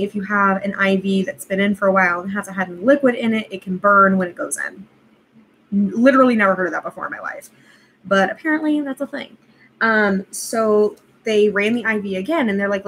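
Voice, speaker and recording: A woman's voice: mid-range voice, a bit bright, a little hiss or hum, rough recording. A young woman vlogger casually telling a personal story, rambling with lots of fillers and laughing at herself.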